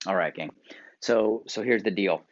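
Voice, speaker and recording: A man from the United States giving a motivational video talk, coaching viewers through exercises with direct instructions, shifting from loud emphasis to quiet asides. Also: lowish voice, moderate pace. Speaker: workshop presenter. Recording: dull lo-fi sound.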